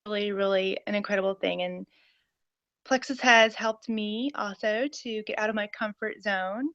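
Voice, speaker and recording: A woman's voice: medium pitch, fairly even intonation, normal speed, a bit bright, no room sound. A woman in her forties giving an eager, rambling personal testimony on a call, with many fillers. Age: 40s. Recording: dull, lo-fi and dry.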